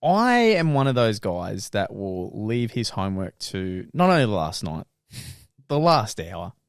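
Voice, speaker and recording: A man's voice: fairly low pitch, very animated, measured pace, clean tone, no echo, studio quality. A young Australian man co-hosting a casual podcast, telling stories with laughs and banter. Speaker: podcast co-host. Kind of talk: casual chat.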